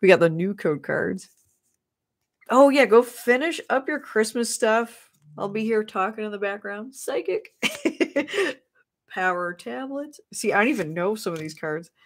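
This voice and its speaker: A woman's voice: mid-range voice, lively intonation, a little slow. A woman streaming live, bubbly and chatty, greeting viewers as she opens trading card packs. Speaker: streamer opening trading cards.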